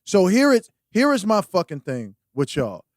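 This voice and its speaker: A man's voice: high voice, wildly swooping pitch, moderate pace, no room sound, clean studio sound. A man co-hosting a podcast in casual chat, blunt, profane and impassioned. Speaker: podcast co-host.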